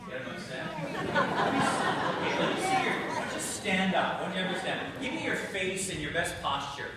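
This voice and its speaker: A man's voice: high voice, very animated, normal speed, over a noisy crowd, very noisy. A man giving a homily to children in church, chatty and coaxing as he asks them questions. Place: large church. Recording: echoey church from far off.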